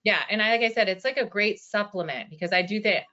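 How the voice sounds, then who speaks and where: A woman's voice: medium pitch, fast talker, sharp tone. A woman in her forties, a physical therapist, answering questions in a webinar in an earnest, conversational way with many fillers. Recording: dull lo-fi webinar audio.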